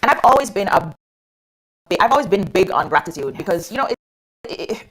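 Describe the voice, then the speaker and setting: Animated young woman telling a story. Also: mid-range voice, brisk, slightly rough. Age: young adult. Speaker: guest. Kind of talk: casual radio interview storytelling.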